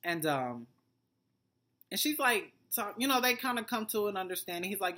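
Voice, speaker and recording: A woman's voice: on the low side, big pitch swings, moderate pace, a bit bright. A woman vlogger giving a blunt, profane, rambling recap of a TV episode. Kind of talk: casual TV recap commentary.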